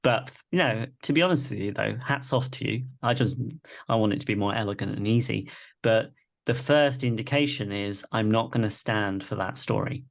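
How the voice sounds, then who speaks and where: Gravelly low-voiced man leading a workshop. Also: normal speed. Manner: reflective, repeats "right?" often. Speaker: workshop facilitator. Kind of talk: live online masterclass teaching. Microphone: video call.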